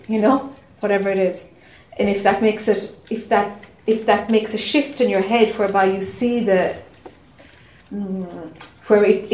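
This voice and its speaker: A woman's voice: medium pitch, roomy sound, low-quality recording. A woman teaching at a spiritual retreat, listening closely and answering in a reflective, affirming way. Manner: attentive, steady affirming, reflective. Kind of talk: teaching dialogue.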